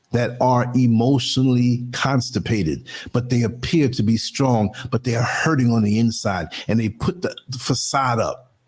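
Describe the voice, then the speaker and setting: A man's voice: a little mellow, slightly rough. A man hosting his own podcast, talking through a casual, emphatic monologue. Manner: emphatic, conversational, swings pitch widely for stress. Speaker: podcast host.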